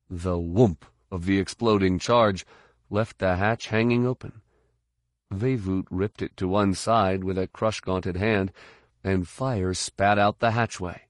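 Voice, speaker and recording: Low-voiced man narrating an action audiobook. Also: no room sound, studio quality. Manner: steady, measured reading. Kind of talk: scripted narration.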